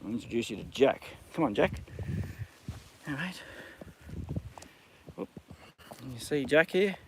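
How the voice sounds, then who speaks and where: Casting: Aussie guy, middle pitch, chatty-ranty phone livestream from a paddock, noisy outdoor audio. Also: very animated, measured pace. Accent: Australian. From Australia. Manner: ranting, then chatty with the horses. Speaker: livestream host. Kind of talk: casual live stream chat.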